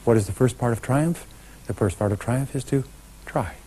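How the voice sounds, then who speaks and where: This middle-aged man speaks emphatically and straight to a live crowd during a motivational seminar, leading the room in call-and-response chants. His voice sits in the mid-range, mellow and at normal speed, captured in a rough recording with slight background noise.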